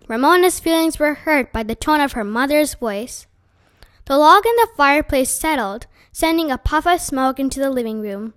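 A high-voiced woman reading a children's book aloud. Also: moderate pace, dry recording, studio quality. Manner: gentle, expressive narration. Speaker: storyteller.

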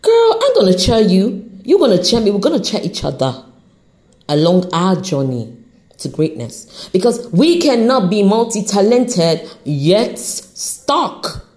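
A woman hosting her own podcast, giving an unscripted motivational talk straight to the listener, encouraging and animated, with an accent that shifts as she talks. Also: medium pitch, a little slow. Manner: accent shifts while talking. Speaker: podcast host.

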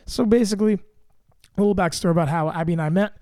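Jokey podcast host with a mellow voice. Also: male voice, high-pitched, fast talker, dry recording, clean studio sound. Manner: mock-grandiose, self-mocking boasts. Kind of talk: casual comedic podcast chat.

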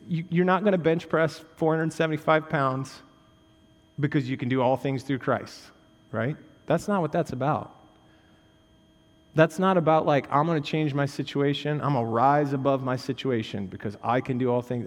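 Delivering a sermon in a conversational style, a male pastor throws in jokes and "right?" asides, moving from loud, intense emphasis to soft, low stresses. A long reverb tail follows his words.

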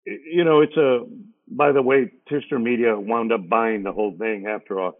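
Through narrow, phone-like audio, a middle-aged man with a mid-range voice speaks at normal speed. He's a San Antonio, Texas radio DJ, a guest on an interview, spinning casual stories with lively energy and voicing the other people's lines himself.

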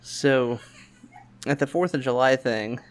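A man, telling a family story in casual chat and acting out the quotes in raised voices. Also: takes it slowly. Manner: animated, acts out quotes in higher voices, laughs often. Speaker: podcast host.

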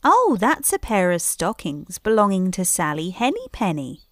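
A woman's voice: medium pitch, wildly swooping pitch, moderate pace, no room sound. A woman voicing a small, anxious, polite hedgehog washerwoman in a storybook, with eager-to-please chatter. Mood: chatty. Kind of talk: storybook character voice.

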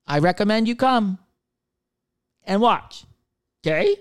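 A young man riffs alone on his comedy podcast, rambling and cursing casually as he goes. His voice sits a bit high and comes through smooth and clear. The sound is close and dry, with no room around it. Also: expressive, slow pace, no echo. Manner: loose, rambling, swears freely, laughs at himself. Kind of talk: casual solo chat.

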